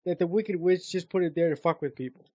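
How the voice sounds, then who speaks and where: A woman's voice: fairly low pitch, fast, warm tone, dry recording, dull audio. A woman co-hosting a podcast, chatting casually about a film, hesitant and rambling with many restarts. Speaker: podcast co-host. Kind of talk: casual movie chat.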